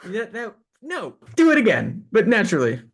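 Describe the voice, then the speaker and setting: A man's voice: sits high, wildly swooping pitch, moderate pace. Playful young man teasing on a podcast. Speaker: podcast co-host. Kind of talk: casual chat.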